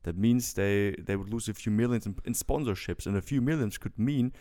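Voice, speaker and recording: A man co-hosting a business podcast, explaining in a halting, casual way with repeated words. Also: on the low side, mellow. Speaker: podcast co-host.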